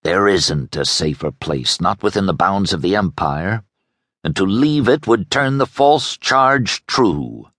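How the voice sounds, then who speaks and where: A man voicing a stubborn, principled soldier in an audiobook, calm and firm. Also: low voice, measured pace, dry recording, clean studio sound, heavily acted. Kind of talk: audiobook character voice.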